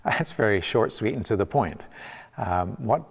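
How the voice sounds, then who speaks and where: Low-voiced pastor preaching in a reverberant church. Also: male voice, animated, a little slow, creaky, husky. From Canada. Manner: conversational, many restarts and fillers. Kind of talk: sermon.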